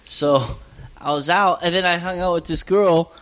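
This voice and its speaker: A man who is a guest on a podcast, telling stories in a casual, animated way and swearing freely. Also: sits high, moderate pace. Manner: animated storyteller, swears freely, mimics people. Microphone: headphones on, podcast mic. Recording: slightly muffled lo-fi audio.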